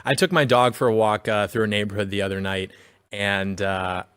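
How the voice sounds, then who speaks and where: A man's voice: fairly low pitch, steady tone, normal speed, a bit bright, smooth, no room sound. A young man co-hosting a casual political talk show, sarcastic and joking, often acting out quotes. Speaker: podcast co-host.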